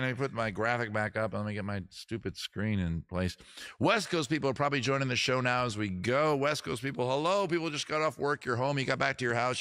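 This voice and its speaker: A man chats on a home livestream in a loose, rambling way, cracking jokes at his own expense. His voice is bright and forceful. A guitar sounds faintly in the background. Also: medium pitch, clear, resonant tone. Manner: rambling, jokey, self-deprecating. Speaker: host of a music livestream. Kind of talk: casual livestream chat.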